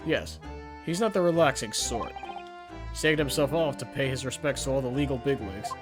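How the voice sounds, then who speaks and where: A man's voice: mid-range voice, a little fast, close to an everyday voice. A cheerful, dryly teasing middle-aged professor, read by a man. The voice sits mid-range, with game music playing underneath. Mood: amused.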